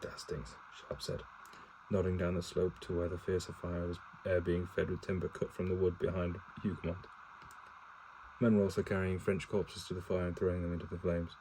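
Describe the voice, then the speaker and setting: Guy reading a book out loud at home, deep mellow voice, trips over words and fixes them, swears under his breath. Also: a little hiss or hum, rough recording. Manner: stumbling, self-correcting reading with swearing asides, no character voices. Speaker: reader reading a novel aloud to his partner. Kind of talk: casual read-aloud of a novel.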